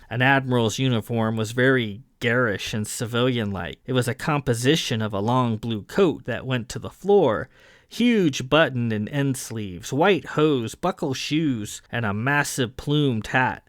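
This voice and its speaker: This is scripted audiobook narration of a science fiction novel, delivered by a man in a mid-range voice. His reading is steady and measured, and the studio sound is clean, with no room sound.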